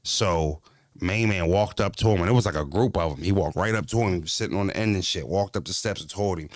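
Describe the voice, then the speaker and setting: A man with a very low voice, swearing through laid-back stories as he talks straight to his viewers. His speech is loose and slangy, recorded close and dry. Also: a little fast, no room sound. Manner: profane, slangy storytelling. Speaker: livestream host. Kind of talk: casual livestream chat.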